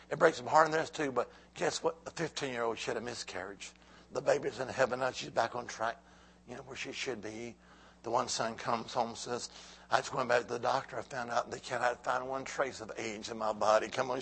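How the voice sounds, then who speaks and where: A man preaching a sermon, calling out to the church, swinging from hushed lines to loud shouts. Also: mid-range voice, gravelly, husky.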